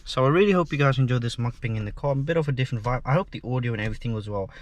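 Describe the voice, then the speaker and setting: A man's voice: mid-range voice, expressive, rapid-fire, no room sound, lo-fi sound. A young man chatting casually to his camera from inside a car, rambling and swearing freely. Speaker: vlogger. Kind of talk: casual vlog chat. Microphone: GoPro camera.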